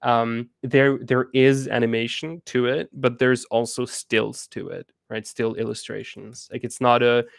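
A man with a gravelly, mid-range voice chats as an interview guest. He halts, repeats words and restarts his sentences, laughing now and then. The recording is close and dry. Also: medium pitch, steady tone, no room sound. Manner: halting, many restarts and fillers, laughs often. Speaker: game co-founder guest. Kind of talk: casual interview chat.

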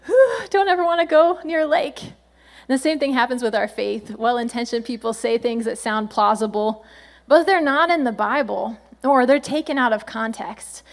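A woman pastor delivers a lively sermon with a slightly high voice. She talks in a chatty, playful way and laughs often along the way. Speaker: senior pastor.

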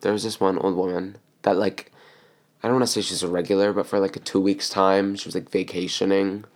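A young man with a fairly low voice talks in loose, meandering casual chat. He fills his sentences with fillers and states blunt opinions as a podcast co-host. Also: level tone, fairly quick.

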